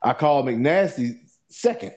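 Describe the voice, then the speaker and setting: A man's voice: medium pitch, lively intonation, a little slow, darkish tone. A man telling a long profane story in a casual podcast chat, rambling and repeating "you know what I'm saying" as he goes.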